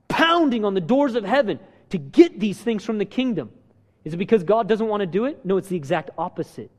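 A man preaching a sermon, animated, asking the crowd rhetorical questions and acting out quotes. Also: high-pitched. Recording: long hall reverb.

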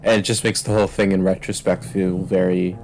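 A man's voice: deep voice, level tone, a little fast, vocal fry, darkish tone, faint music behind, poor audio. A man in a casual podcast chat, rambling and filling his talk with "like" as he retells scenes and laughs.

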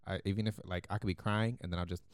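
A man co-hosting a podcast, telling a story in a casual, animated way, laughing often and acting out the people he quotes. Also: low voice, very fast. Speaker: podcast co-host.

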